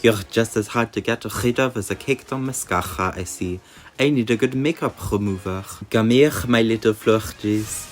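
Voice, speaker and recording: A man's voice: lowish voice, moderate pace, soft background music, lightly acted. A man voicing an elegant, vain woman gym leader and makeup artist, in a theatrical, mock French accent. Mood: grand.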